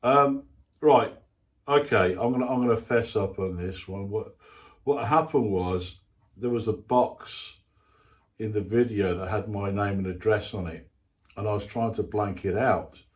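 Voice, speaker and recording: Older guy on his hobby channel going through viewer comments, slow and rambly, pokes fun at himself. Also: fairly low pitch. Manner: rambling and self-mocking, with asides. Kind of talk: casual chat reading out viewer comments.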